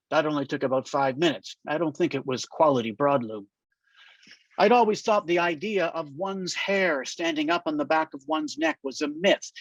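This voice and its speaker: A man reading his novel aloud at a literary festival in a wry, deadpan way. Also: on the high side, no echo. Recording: dull, muffled dry sound.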